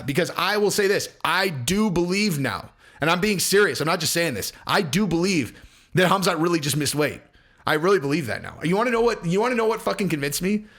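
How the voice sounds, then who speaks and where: A young man rants on his podcast in a loose, rambling way. He swears freely and drops sarcastic asides, his voice sitting a touch high for a man. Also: a bit bright. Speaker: podcast host. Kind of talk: casual rant.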